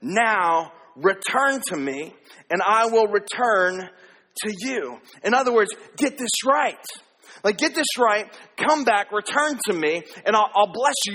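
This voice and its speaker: A man preaching a sermon as a pastor, energetic and joking with his congregation. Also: high voice. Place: church auditorium. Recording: echoey hall.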